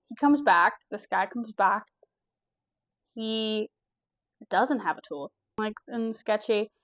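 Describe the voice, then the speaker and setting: A young woman from the US East Coast telling a personal story in a casual vlog, candid and animated, swearing now and then. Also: medium pitch, slow pace. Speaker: vlogger.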